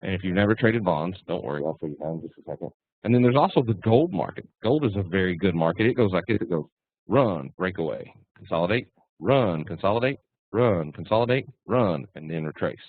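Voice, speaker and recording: A man's voice: low voice, expressive, a little fast, no echo. Blunt man teaching over a tinny line. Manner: folksy, blunt, punchy. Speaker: trading instructor. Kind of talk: casual teaching webinar. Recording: tinny phone-like dry line.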